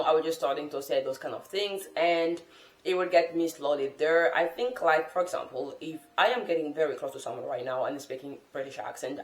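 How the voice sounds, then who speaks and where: Earnest French woman in a roomy echo. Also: low-pitched. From France. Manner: earnest, thoughtful, encouraging. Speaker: language-learning vlogger. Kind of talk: casual talk to camera.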